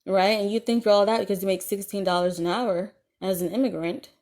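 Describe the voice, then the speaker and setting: A woman's voice: mid-range voice, fairly even intonation, fairly quick, a little mellow. A woman podcaster delivering a casual solo monologue, an indignant, rambling rant full of ums and swearing.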